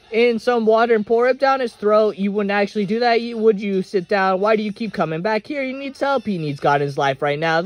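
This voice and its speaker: Man with a high-pitched voice reading every role in a fan dub, dramatic and emotional. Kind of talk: fan dub of a film script.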